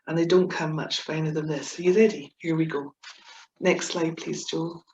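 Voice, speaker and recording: Scottish woman presenting a talk; chatty, giggly, playful asides; low-ish voice; echoey, dull video-call sound. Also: steady tone, normal speed, a little mellow, a little hiss or hum. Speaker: webinar speaker on Scots humour.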